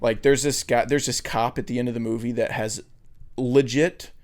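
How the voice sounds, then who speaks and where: A man's voice: medium pitch, steady tone, normal speed, darkish tone. A young man chatting loosely on a movie podcast, with lots of swearing and filler words. He breaks into laughter while retelling scenes and keeps an easygoing, rambling flow. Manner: loose and profane, laughs often at his own retellings. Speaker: podcast co-host. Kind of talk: casual chat.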